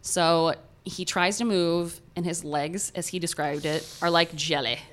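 A woman with an Ohio American accent, retelling a story in casual, animated podcast chat with many filler words. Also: on the low side, unhurried, slight background noise. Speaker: podcast co-host.

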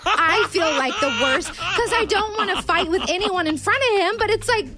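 A woman's voice: very high voice, moderate pace, loud music behind the voice. A woman in her thirties, a radio co-host, chatting casually with flustered, laughing self-deprecation.

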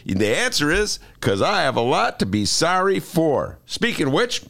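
Playful, animated male radio host. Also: a little high, measured pace, vocal fry. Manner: joking, self-mocking, playful. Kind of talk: comic radio talk. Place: radio studio.

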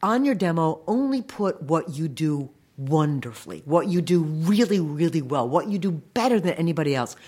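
An animation voice director in their fifties giving practical career advice in an interview, brisk and emphatic. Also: mid-range voice, big pitch swings, darkish tone, slightly rough.

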